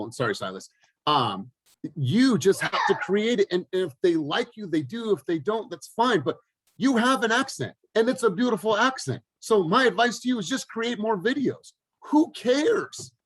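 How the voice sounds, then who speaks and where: A man's voice: a little high, a bit bright, slightly rough, no echo. A man hosting a team video call, blunt and encouraging, with casual swearing. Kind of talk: motivational team talk.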